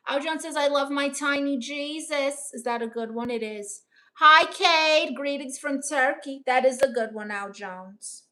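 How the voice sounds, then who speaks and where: A young woman from Brooklyn reading out her chat on a casual livestream, dry, deadpan and sarcastic. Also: high voice, a little slow. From Brooklyn, New York. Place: home in Los Angeles.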